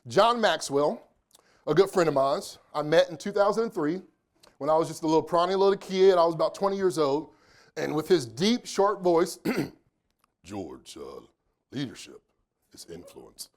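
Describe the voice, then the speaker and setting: A man's voice: on the high side, moderate pace. A man in his forties from Indianapolis, giving a motivational keynote in a conference room, chatty and joking with the audience. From Indianapolis, United States. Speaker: keynote speaker. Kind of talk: live motivational keynote talk.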